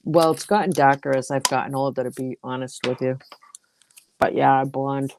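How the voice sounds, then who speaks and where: Low, gravelly, slow-talking woman. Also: steady tone, background noise. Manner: self-deprecating, laughs often. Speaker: podcast co-host. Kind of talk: casual chat.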